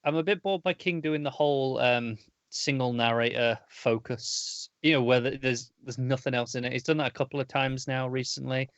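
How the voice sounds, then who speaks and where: A man co-hosts a comics podcast in casual chat at a middle pitch. He hedges and hesitates as he sorts out his views. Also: steady tone, moderate pace, a bit bright, dry recording. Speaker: podcast co-host.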